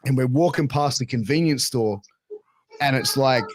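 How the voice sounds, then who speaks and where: This young Australian podcaster has a mid-range voice at a normal speed, recorded without echo. He recounts a story in a lively, casual way, swearing a lot and leaning heavily on fillers.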